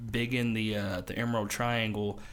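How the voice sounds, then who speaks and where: A man chiming in on a podcast chat, talking haltingly with frequent restarts. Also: fairly low pitch, little pitch movement, a bit bright, clean tone. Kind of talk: casual chat.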